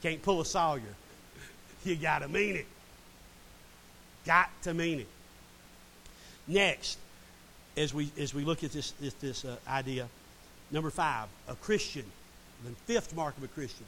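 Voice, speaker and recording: A man's voice: fairly high pitch, expressive, unhurried, long pauses, sharp tone, rough recording. A middle-aged man preaching a sermon and reading scripture dramatically. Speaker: pastor. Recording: faint hiss.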